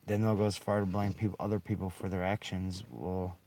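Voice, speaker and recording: Guy with a really deep mellow voice, rambling angry rant full of swearing. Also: flat delivery, brisk. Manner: rambling, heavy swearing, bitter laughs. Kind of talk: angry monologue.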